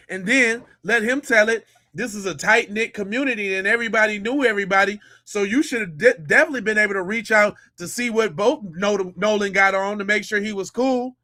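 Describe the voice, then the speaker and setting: A man's voice: high voice, sharp tone. A man hosting a podcast, a former police officer giving slangy, incredulous reaction commentary.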